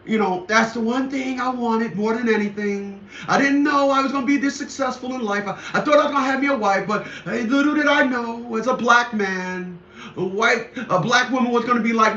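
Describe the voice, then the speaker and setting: A male commentator delivers a rambling, indignant rant, often repeating himself. His voice is very high and sharp at a fairly quick pace, recorded with echoey, dull lo-fi room sound.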